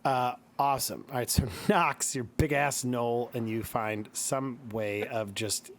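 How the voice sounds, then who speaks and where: A man's voice: medium pitch, steady tone, unhurried, fairly bright tone, slight background noise. A man with a Midwestern accent, running a tabletop game as game master and explaining the rules in a casual, rambling way. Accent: Midwestern American.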